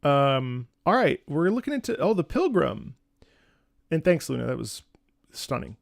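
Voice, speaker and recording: Host type: man, a little high, gravelly, dry close sound, rambling and earnest, casual stream chat. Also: sing-song, a little slow, no room sound. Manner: rambling, repeats words and restarts often. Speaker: streamer reacting to music.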